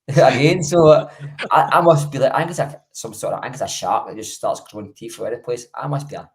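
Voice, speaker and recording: A man's voice: mid-range voice, expressive, fast talker. A Scottish man in his late thirties, a podcast co-host telling rambling, self-mocking, sweary stories in casual chat. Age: 30s.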